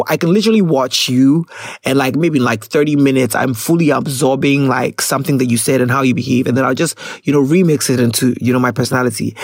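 A man's voice: medium pitch, no room sound. A young man hosting a casual podcast, tired but candid and chatty, close to the mic. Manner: chatty and candid, with laughs and emphatic asides. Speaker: podcast host.

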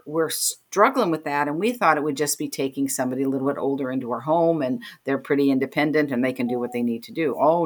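A middle-aged woman telling a personal story in an interview, emotional, acting out the voices of the people in it. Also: deep voice. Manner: emotional, retells scenes by voicing the people in them. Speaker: interview guest.

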